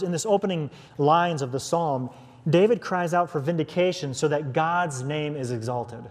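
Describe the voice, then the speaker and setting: A man's voice: a little high, darkish tone. A man preaching an earnest expository sermon, restarting phrases as he works through a text. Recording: long hall reverb.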